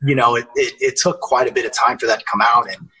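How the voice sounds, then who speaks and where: A man's voice: mid-range voice, fairly even intonation, fast talker, sharp tone, husky, rough recording. A young man guesting on a podcast, chatting casually and energetically, swearing and using lots of fillers. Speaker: actor guest.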